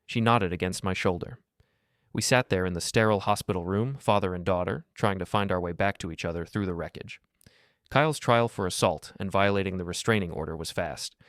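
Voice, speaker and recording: An older man narrating a dramatic first-person story in a steady, scripted manner. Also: low voice, brisk, dry recording, studio quality.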